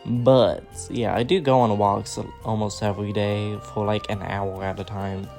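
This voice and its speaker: A man's voice: on the low side, level tone, measured pace, vocal fry, a little mellow, soft background music. A young man who makes gaming videos, answering viewer questions in a rambling, slangy, laid-back way, sounding a bit tired. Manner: slumped posture, sounds tired. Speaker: gaming content creator. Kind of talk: casual Q&A chat.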